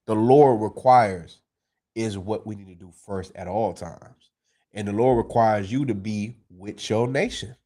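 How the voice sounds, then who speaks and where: A man teaching a scripture class in a streetwise manner, often asking if the listeners understand. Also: lowish voice. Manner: animated, streetwise, swearing, asks "you understand?".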